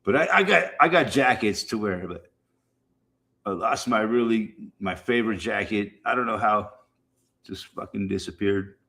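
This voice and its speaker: This middle-aged livestream host's fairly low voice sounds gravelly, pushed, and bright as he talks at a moderate pace. Rambling casually to viewers, he swears freely and repeats himself, circling back over points.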